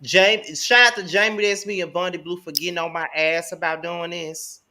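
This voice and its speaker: A man co-hosting a casual celebrity gossip chat, talking with animated swings between loud and soft. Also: high-pitched, brisk. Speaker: co-host.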